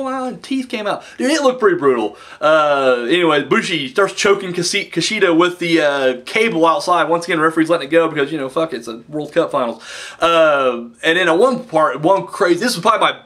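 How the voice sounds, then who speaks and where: A young man casually recapping a wrestling show, excitable and rambling, with some swearing. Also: on the high side.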